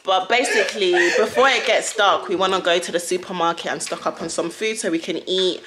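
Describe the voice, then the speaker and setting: A woman's voice: on the low side, fairly quick, a crowd in the background. A young woman vlogger talking casually to her viewers, giving a house tour. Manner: chatty, addresses viewers as guys. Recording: echoey room with loud noise.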